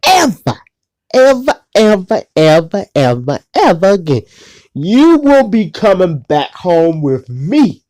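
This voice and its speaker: A man voicing a stern, angry father who gives his son an emphatic, drawn-out warning in a raised voice. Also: high-pitched, very animated, darkish tone, dry recording, studio quality, full character voice. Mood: threatening.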